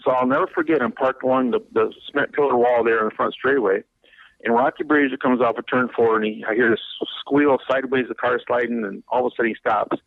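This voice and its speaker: A man's voice: mid-range voice, steady tone, fast, vocal fry, no echo, narrow, tinny audio. A race car driver in his fifties, from Wisconsin, telling a long rambling story in a radio interview, laughing and repeating words as he gets going.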